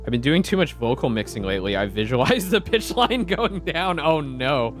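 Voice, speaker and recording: A man's voice: a little high, big pitch swings, moderate pace, music in the background. A man chatting casually on a game stream, playful and laughing often.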